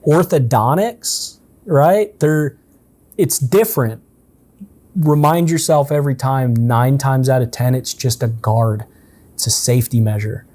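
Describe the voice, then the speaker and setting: A man leading a relaxed, conversational coaching session for a team, often checking in with his listeners. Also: mid-range voice, unhurried. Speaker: sales trainer. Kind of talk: casual in-person coaching session.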